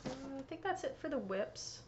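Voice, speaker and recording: A woman's voice: sits high, very animated, normal speed, muffled recording, background noise. A woman hosting a knitting podcast, chatting casually and showing off her yarn and prizes, often correcting herself and laughing. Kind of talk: casual show-and-tell chat.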